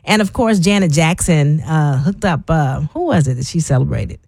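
A woman's voice: sits low, animated, moderate pace, vocal fry, a little mellow, breathy edge, dry recording, studio quality. A woman in her fifties hosting a radio show, chatting casually and laughing as she talks. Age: 50s. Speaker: radio host. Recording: radio broadcast with music underneath.

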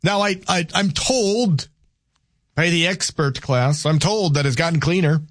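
Southern american man, radio host, slightly high voice, very dry close sound, halting restarts. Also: a bit bright, dry recording. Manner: halting, repeats words and restarts, argumentative with callers. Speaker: radio talk show host. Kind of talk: call-in radio talk.

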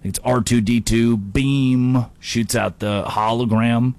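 A man hosting a sports talk show, delivering an energetic, jokey monologue with quick asides and playful impressions. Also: mid-range voice. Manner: animated, jokey, slips into mock impressions. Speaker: sports talk radio host.

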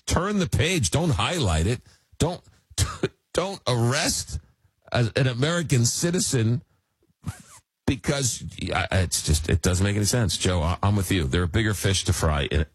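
A middle-aged man from Long Island hosting a radio talk show, telling stories in a rambling, animated way. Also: fairly low pitch, moderate pace, breathy edge, no echo. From Long Island, New York. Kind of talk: casual radio chat.

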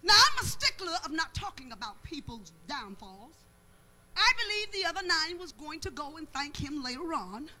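A preacher with a high, piercingly bright voice delivers a fervent sermon. The preacher swings into shouted, half-sung refrains and drives repeated phrases home in call-and-response style. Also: sing-song, moderate pace. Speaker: pastor.

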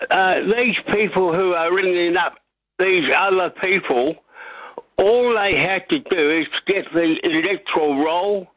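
A man calling in to a talkback radio show, talking in a halting, hesitant way over the phone. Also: fairly high pitch, a bit bright, no echo. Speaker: radio caller. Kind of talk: talkback call-in. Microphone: telephone. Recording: dull muffled phone line.

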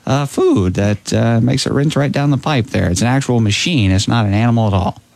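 A man's voice: medium pitch, brisk, gravelly, a little mellow, no room sound. A man hosting a comedy radio bit, patiently explaining something obvious to a caller. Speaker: comedy radio show host.

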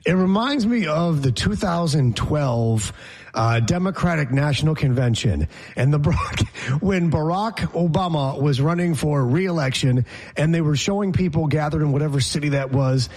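A man's voice: on the high side, animated, normal speed, darkish tone. A man co-hosting a podcast, ranting and mocking in casual chat. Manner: sarcastic, mocking rants. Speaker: podcast co-host.

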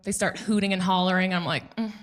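Bright-voiced woman doing stand-up. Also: on the high side. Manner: animated, laughing at her own jokes, quick asides to the crowd. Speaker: stand-up comedian. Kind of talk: stand-up comedy set. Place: comedy club stage with audience.

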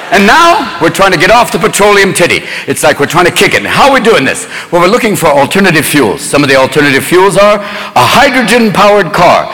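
Manic high-pitched male stand-up comic. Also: sing-song, in a large hall. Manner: manic, rapid-fire, jumps into many voices. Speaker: stand-up comedian. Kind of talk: stand-up comedy. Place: live comedy stage before an audience. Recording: noisy live show with a loud crowd.

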